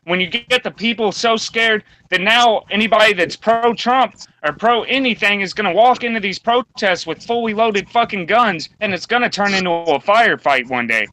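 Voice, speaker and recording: A man's voice: high-pitched, bright, forceful tone, rough recording. A man hosting a podcast round table, delivering a blunt, combative rant full of swearing. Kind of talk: profane opinion rant.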